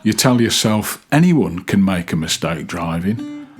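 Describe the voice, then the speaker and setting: A man hosting a casual self-help chat, talking gently with rambling pauses and restarts. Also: low-pitched, animated, music in the background. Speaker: podcast host.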